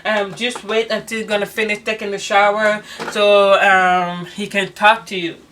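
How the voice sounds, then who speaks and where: A young woman vlogger in casual storytime chat, animated and swearing as she acts out quoted dialogue. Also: medium pitch, moderate pace, background noise. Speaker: beauty vlogger.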